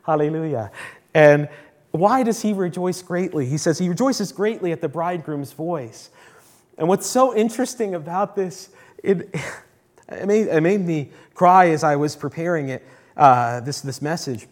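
A man preaching a sermon to a congregation, impassioned, rising to loud declarations and dropping to hushed tones, repeating key lines for emphasis. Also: on the high side, moderate pace. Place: church service.

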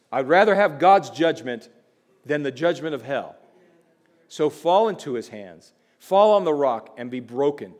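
A man preaching a sermon in a conversational way, slipping in quick asides and building to emphatic warnings. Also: fairly high pitch, darkish tone. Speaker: pastor.

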